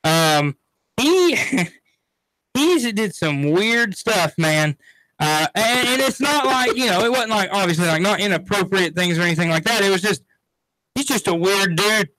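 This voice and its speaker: Male sports radio co-host, bright and quick, dry close mic. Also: sits high, animated, no room sound, low-quality recording. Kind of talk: casual sports chat.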